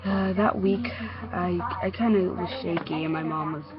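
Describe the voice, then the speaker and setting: A woman narrating a first-person creepy story in a hesitant, halting way, in a dull lo-fi recording. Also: on the low side, steady tone. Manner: hesitant, halting, with repeated restarts.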